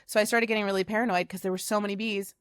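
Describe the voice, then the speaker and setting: A young adult woman co-hosting a podcast, telling a story in lively casual chat, swearing often and acting out her own reactions. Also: mid-range voice, rapid-fire, clear, resonant tone, no echo, studio quality. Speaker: podcast co-host.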